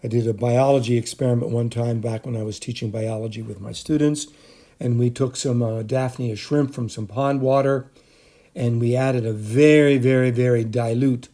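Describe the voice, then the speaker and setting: A man's voice: medium pitch, steady tone, normal speed, warm tone. A middle-aged man giving a recorded chemistry lecture for a screencast, speaking off the cuff with frequent fillers and restarts. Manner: unscripted, many fillers and restarts. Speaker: chemistry teacher.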